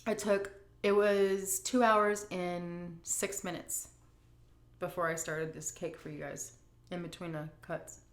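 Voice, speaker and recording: Middle-aged woman vlogger, frank and emotional, slightly low voice, echoey room sound. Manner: candid, emotional, drawn-out emphasis. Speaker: vlogger answering viewer questions. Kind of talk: casual Q&A chat.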